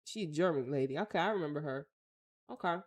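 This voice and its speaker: A woman's voice: low-pitched, lively intonation, quick pace. A woman with an American accent hosting a casual talk show, reading news aloud and reacting bluntly in slangy, offhand remarks. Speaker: host.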